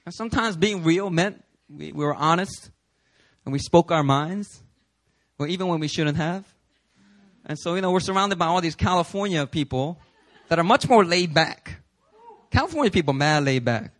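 A pastor in his thirties from New York preaching a sermon at a church service, telling stories with jokes and building to loud, emphatic shouts. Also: fairly high pitch, lively intonation, normal speed.

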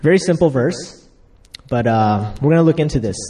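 A man's voice: mid-range voice, animated, normal speed, warm tone, distant mic. A young man giving a casual sermon, chatty, laughing as he acts out stories, just getting over a cold. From United States. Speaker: pastor.

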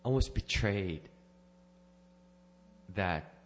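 A man with a fairly low voice tells his personal testimony to a church gathering. He rambles, restarts his sentences and corrects himself, and slips in small laughs. His delivery is unscripted and earnest. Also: expressive, drawn-out words. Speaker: church member giving a testimony.

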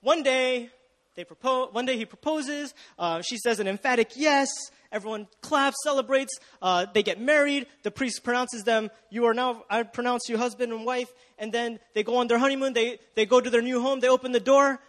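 A man's voice: very high-pitched, normal speed, a bit bright, long reverb tail. A young man preaching a sermon in a casual, chatty way, often asking the audience questions and restarting his sentences.

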